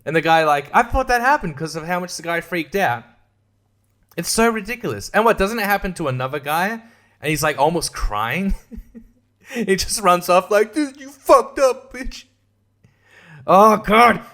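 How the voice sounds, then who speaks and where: A man with a fairly high voice rants about a movie on his podcast. He swears freely, laughs at his own jokes and mocks the characters with quick, sarcastic impressions. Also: animated, a bit bright. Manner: sarcastic, mocking impressions, profane, laughs often. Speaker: podcast host. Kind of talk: casual film review rant.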